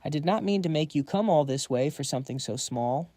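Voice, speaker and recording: A man voicing a cocky, relaxed young man who talks smug and casual. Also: a little high, a little fast, no room sound, lightly acted.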